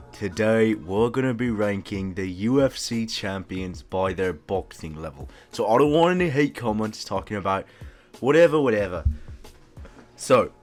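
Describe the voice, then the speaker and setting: A man's voice: mid-range voice, natural voice. A man putting on an accent as a hyped young male MMA fan who draws out his words and keeps saying "bro". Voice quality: put-on accent, drawn-out words. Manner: excited, repeats "bro" and "man". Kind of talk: impression of another channel's host.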